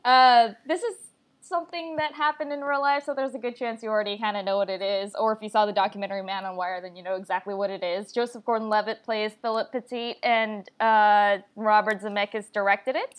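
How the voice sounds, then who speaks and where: A woman's voice: medium pitch, fairly even intonation, a little fast. A woman co-hosting a movie podcast, giving a chatty review full of "like" fillers. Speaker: podcast co-host. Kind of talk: casual movie review chat.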